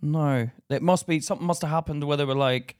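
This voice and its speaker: A man's voice: fairly high pitch, brisk, clean tone. A man co-hosting a casual podcast, teasing and blunt, swearing freely. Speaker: podcast co-host. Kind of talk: casual chat.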